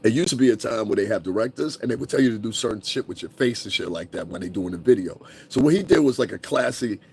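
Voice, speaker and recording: A man's voice: lowish voice, animated, fast talker, creaky, a little mellow. A man giving a profane, casual rant, laughing and mocking people with impressions. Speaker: commentary vlogger.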